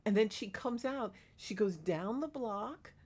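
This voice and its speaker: A woman's voice: medium pitch, expressive, a little slow, a little mellow. Chatty, indignant woman gossiping. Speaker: vlogger. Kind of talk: casual gossip vlog. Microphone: clip-on microphone.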